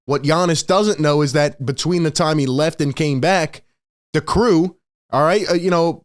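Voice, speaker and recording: A man talks through a basketball recap for his channel in a loose, excitable way. He laughs easily and slips into voicing the players he quotes. His voice sits a little high for a man. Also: no room sound, clean studio sound. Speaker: sports video host. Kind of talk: casual game recap commentary.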